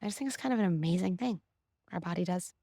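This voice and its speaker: Middle-aged woman, expressive guest expert, dry close recording. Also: lowish voice, fast, creaky, no room sound. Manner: animated, explanatory, frequent "like" and "right?". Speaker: clinical psychologist, podcast guest. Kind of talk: conversational interview.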